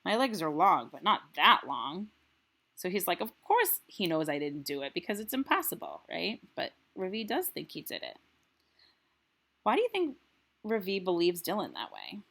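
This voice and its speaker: A woman teacher reading a children's novel aloud and pausing to ask the class questions, checking in with "right?" as she goes. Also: fairly low pitch, huge pitch swings, creaky, fairly bright tone.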